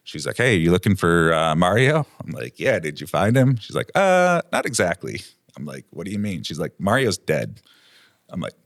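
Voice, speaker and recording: In a very deep, low voice, a man who works as a property manager rambles through a lengthy anecdote from his job as a guest. Gaps fill up with "um" and "like," and the recording is dry and close, without any room echo.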